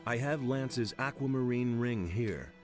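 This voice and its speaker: An actor playing a game's adventurer hero, speaking in a plain, matter-of-fact way. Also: male voice, medium pitch, measured pace, soft background music, natural voice. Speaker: game protagonist.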